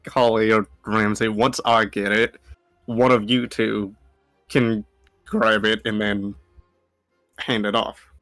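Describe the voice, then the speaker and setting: A man's voice: on the low side, little pitch movement, slow pace, long pauses, a bit bright, faint music behind. Rambling man playing a tabletop game. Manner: rambling, many likes and restarts. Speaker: player. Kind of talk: casual tabletop play.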